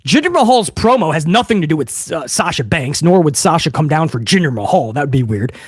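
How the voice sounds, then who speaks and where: A high-voiced man talks through a wrestling show recap, his pitch swinging up and down as he gets worked up. He is sarcastic, swears casually and trips over restarts, close on a dry microphone. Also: big pitch swings, brisk, husky, no echo. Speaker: wrestling commentary vlogger.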